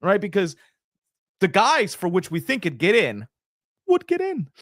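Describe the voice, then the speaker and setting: Animated man in lively sports banter. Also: high-pitched, a little slow, no room sound, studio quality. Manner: animated, rambling, acts out quoted voices. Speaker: co-host. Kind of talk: casual sports podcast chat.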